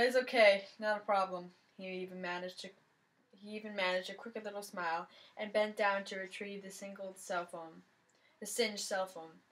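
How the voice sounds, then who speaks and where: A woman's voice: medium pitch, poor audio. Woman reading a novel aloud. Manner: expressive first-person storytelling. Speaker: reader of a novel.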